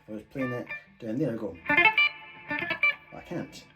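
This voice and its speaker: A man's voice: mid-range voice, wildly swooping pitch, a little slow, poor audio. A man giving a casual guitar lesson, thinking aloud and joking about his own playing, recorded on a phone. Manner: chatty, thinking aloud, self-deprecating. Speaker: guitar teacher. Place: home room, guitar played between phrases. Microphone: phone mic. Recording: loud electric guitar and drum loop behind.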